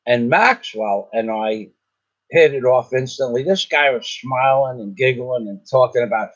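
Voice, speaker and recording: A man's voice: mid-range voice, moderate pace. An older man telling a long story in a casual, rambling way, often repeating himself and restarting his sentences. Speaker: vlogger. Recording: slightly dull lo-fi sound.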